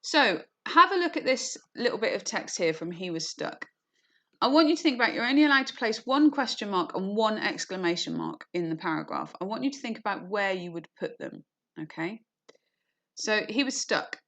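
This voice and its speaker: A woman teaching an online lesson, explaining clearly with frequent "okay" and "you know", and briefly acting out quoted lines. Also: medium pitch, expressive, brisk, sharp tone. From England. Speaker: English teacher.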